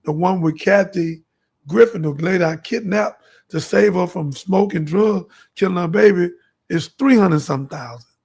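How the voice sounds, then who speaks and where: A man talking straight to his audience in a high, gravelly voice with a husky edge. He preaches and tells stories with fervor, slipping into the voices of the people in them. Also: moderate pace, darkish tone. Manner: fervent, storytelling, acts out dialogue. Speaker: show host. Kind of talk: preachy monologue to camera.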